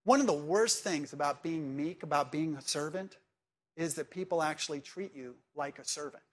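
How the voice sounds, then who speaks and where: Conversational preacher man, slightly high voice. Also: normal speed. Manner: conversational, asks listeners direct questions. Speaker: pastor. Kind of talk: sermon.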